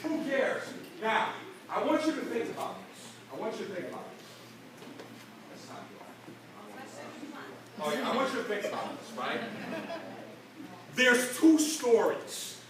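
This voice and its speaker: Middle-aged male motivational speaker, high-pitched and punchy, heard from a distance in an echoey convention hall. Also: a crowd in the background. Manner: energetic, fast-shifting, acts out dialogue, frequent "right?". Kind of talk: convention stage speech. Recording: echoey hall recording from far off.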